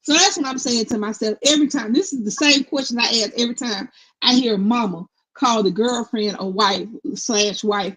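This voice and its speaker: A middle-aged woman co-hosting casual commentary, blunt and opinionated in a steady, even tone. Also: medium pitch, rough recording. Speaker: co-host.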